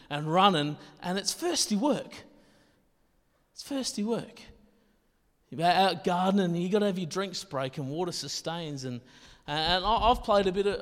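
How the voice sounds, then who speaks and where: An Australian man with a high-pitched voice preaches a sermon in an easygoing, conversational style. He often restarts and repeats his words and drops in self-deprecating asides. His voice rings out with the long reverb of a large church hall. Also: a bit bright.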